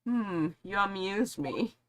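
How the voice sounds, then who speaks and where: A woman's voice: mid-range voice, lively intonation, slow pace. A woman voicing a haughty young female prosecutor in a game, scornful and superior.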